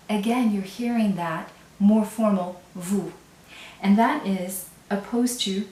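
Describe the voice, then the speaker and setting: A woman teaching a language lesson, explaining step by step and repeating example phrases slowly. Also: medium pitch, darkish tone, distant mic, a little hiss or hum. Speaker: French teacher. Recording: echoey room, voice away from mic.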